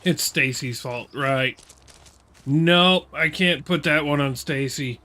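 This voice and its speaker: A man's voice: on the high side, slow pace, sharp tone. A middle-aged American man hosting a livestream, ranting and swearing at his chat in casual, laughing banter. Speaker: livestream host.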